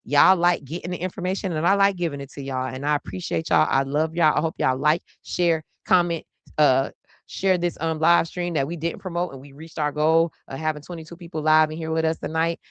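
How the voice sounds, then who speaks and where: A woman's voice: sits low, fairly even intonation, a little fast, fairly bright tone, clear, resonant tone, no room sound. A woman hosting a live stream, chatting playfully and saying y'all constantly. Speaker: host of a live stream show. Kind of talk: casual live stream chat.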